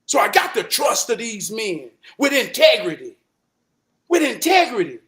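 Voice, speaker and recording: A man hosting a talk show, telling a real-life story in an emphatic, profane way that climbs into shouting. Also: high-pitched, very animated, normal speed. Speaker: host.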